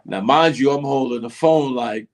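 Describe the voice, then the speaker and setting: A man's voice: mid-range voice, normal speed. A middle-aged man telling a story in a casual interview, acting out the voices of the people in it. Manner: animated, acts out voices in his story. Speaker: interview guest.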